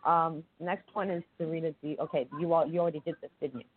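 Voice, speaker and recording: A man co-hosting a podcast in casual chat, excitable and playful, with a stuffy nose that makes him sound nasal. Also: a little high. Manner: excitable, playful, quick to interject. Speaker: podcast co-host. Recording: tinny phone-line sound.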